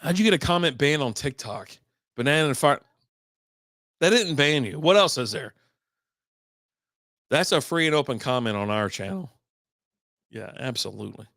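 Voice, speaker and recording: A middle-aged man hosts a casual beer livestream from home. He rambles and swears freely at an ordinary pitch. His voice sits close and dry on the mic. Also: animated, moderate pace, long pauses, a bit bright, no echo. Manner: rambling, profane, chatty. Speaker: beer podcast host.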